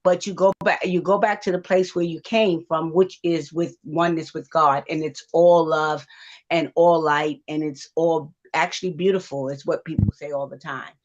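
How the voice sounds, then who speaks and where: Psychic lady on a livestream, lowish voice, lots of ums, muffled lo-fi audio. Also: steady tone, normal speed. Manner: gentle, reassuring storytelling with many fillers. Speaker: psychic panelist. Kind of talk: livestream talk.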